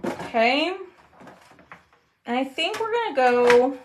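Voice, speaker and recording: A woman's voice: sits high, animated, slow, background noise. A woman, chatting casually with viewers while she crafts on a livestream, trailing off as she concentrates.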